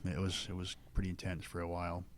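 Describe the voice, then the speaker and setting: Casual male racer, thirties, low voice, rambling and plainspoken. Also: completely flat delivery, fast talker. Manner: plainspoken, rambling with many fillers. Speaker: local stock car driver. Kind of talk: casual radio talk.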